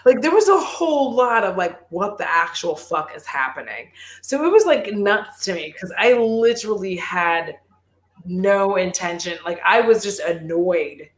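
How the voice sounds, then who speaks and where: A woman's voice: lowish voice, expressive, measured pace. A woman beauty creator talks loosely on a live chat, telling rambling stories packed with swearing and filler words. Her voice carries a noticeable room echo around it. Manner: profane, rambling storytelling with lots of "like". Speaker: beauty youtuber. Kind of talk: casual livestream chat.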